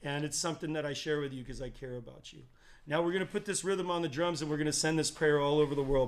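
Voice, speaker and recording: A man's voice: a little high, quick pace. Earnest man guiding a group. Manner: earnest, invites participation, speaks directly to listeners. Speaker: drumming wellness facilitator. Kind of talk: motivational talk to an online audience.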